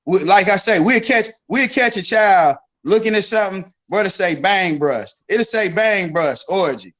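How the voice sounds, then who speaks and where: A man's voice: high voice, animated, moderate pace, a bit bright. A man hosting a casual talk show, speaking loosely with lots of repeats and "bro". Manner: loose, repetitive, says bro a lot. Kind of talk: casual chat.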